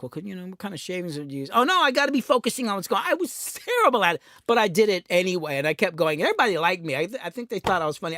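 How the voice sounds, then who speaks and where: A man's voice: sits high, a bit bright, dry recording, clean studio sound. A middle-aged man, telling rambling, self-deprecating stories in a casual rant and acting out the voices in them. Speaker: music producer and channel host.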